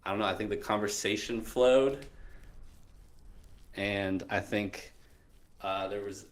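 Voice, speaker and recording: Low-voiced guy, unsure, kinda trails off, med student calling in. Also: fairly even intonation, slow pace. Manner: hesitant, unsure. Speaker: caller, medical student. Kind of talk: casual call-in chat.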